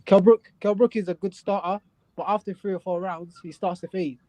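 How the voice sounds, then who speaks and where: A man's voice: high-pitched, steady tone, fairly quick, dark tone, no echo, rough recording. A man with a London accent in casual chat, giving blunt opinions on boxing and often repeating himself. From South London. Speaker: guest boxing pundit.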